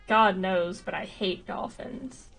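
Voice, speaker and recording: A woman's voice: mid-range voice, creaky, a bit bright. A young woman streaming a game playthrough, making dry, wry asides.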